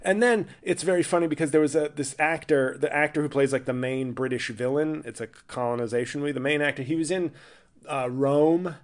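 A man's voice: a little high, brisk. A man hosting his own podcast as a stand-up comedian, riffing in a rambling, irreverent, self-interrupting monologue.

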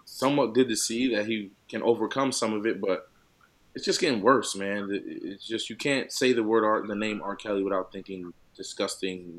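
A man in his thirties, a professional football player, co-hosting a casual chat in an emphatic, animated, slangy way. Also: medium pitch.

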